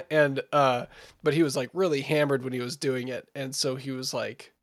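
A man co-hosting a casual podcast chat, telling stories in a rambling, animated way with frequent laughter. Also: mid-range voice, normal speed. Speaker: podcast co-host.

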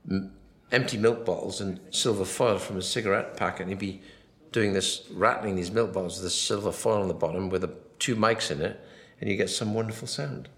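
A film director gives a rambling, anecdotal commentary, acting out quoted lines of dialogue as he goes. His voice is deep, his pace a little fast, and the sound is roomy.

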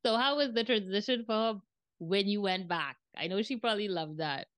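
A woman hosting a casual faith podcast, talking in a lively, emphatic way with preacherly turns of phrase. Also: mid-range voice, brisk, no echo. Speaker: podcast host.

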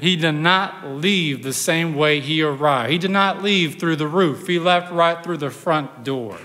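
A male pastor preaching an animated sermon, swinging from loud bursts to hushed storytelling. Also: on the high side, unhurried, hardly any pauses, long reverb tail, slight background noise.

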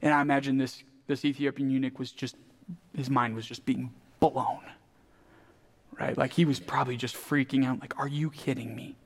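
A man's voice: medium pitch, little pitch movement, moderate pace. A male pastor preaching a sermon in a casual, conversational way, often asking "right?".

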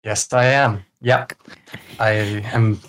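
A man with a gravelly voice and a light Australian accent chats as a podcast guest. His humour is dry and self-deprecating. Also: medium pitch, steady tone, takes it slowly. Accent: mild Australian. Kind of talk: casual chat.

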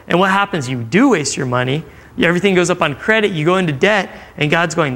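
Guy preaching to a room full of people, kinda high voice, super casual, keeps asking the crowd stuff. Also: animated, brisk, fairly bright tone. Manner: conversational, acting out quotes, asks the crowd questions. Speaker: youth pastor. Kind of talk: sermon to a live audience. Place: church room with audience.

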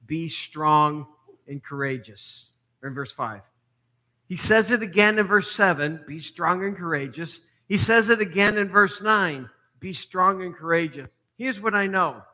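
A middle-aged man preaching a sermon with a high, very bright and forceful voice. He takes his time, drawing out his words, and moves between quiet, hushed lines and sudden emphatic ones as he tells the story. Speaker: pastor.

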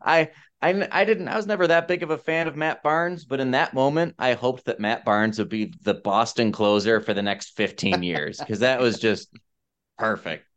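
A man hosting a podcast, telling stories in a casual, lively way and slipping into quick accent impressions. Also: medium pitch. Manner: animated storyteller who mimics accents. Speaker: podcast host. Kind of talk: casual chat, storytelling.

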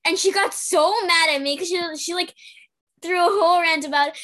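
Young female co-host, high-pitched, hesitant casual storyteller. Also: moderate pace, bright, forceful tone. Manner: hesitant, chatty, with fillers and self-corrections. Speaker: podcast co-host. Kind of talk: casual chat.

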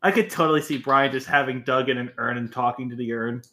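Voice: mid-range voice, steady tone, fast, pushed and bright. A podcast co-host riffing on a movie in casual chat with crude, sarcastic jokes.

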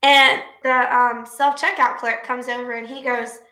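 Brief: podcast co-host, woman, bright and sharp voice, cussing storyteller. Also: a little high, a little slow, roomy sound. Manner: profane, animated storytelling with laughs. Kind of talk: casual storytelling chat.

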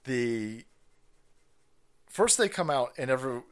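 A man hosting a livestream, ranting in a profane, sarcastic, mocking way, often laughing and yelling. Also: mid-range voice, animated, slow, clean tone. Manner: frequent laughter and sudden yells. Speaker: stream host. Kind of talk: livestream commentary rant.

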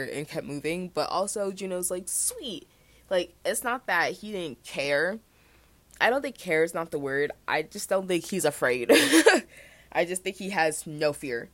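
A young woman hosting her own podcast, talking in a chatty, animated way with quick asides. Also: sits low, dry recording. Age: young adult. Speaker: podcast host. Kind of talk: casual chat.

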